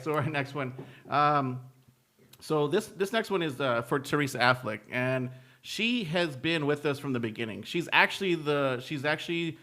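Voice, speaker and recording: A man's voice: medium pitch, sharp tone. A man co-hosting a casual podcast, rambling along with many fillers and restarts. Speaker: podcast co-host.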